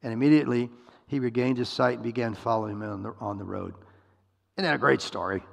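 Gravelly man preaching in a reverberant hall. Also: medium pitch, quick pace. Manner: storytelling, acts out voices, asks listeners questions. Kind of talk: sermon.

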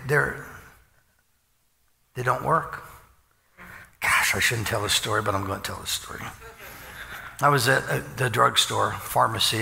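An older man preaching in a folksy, joking way, telling stories with quick asides. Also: medium pitch, vocal fry, bright, forceful tone, a little hiss or hum. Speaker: pastor. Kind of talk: storytelling sermon. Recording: long reverb in a large hall.

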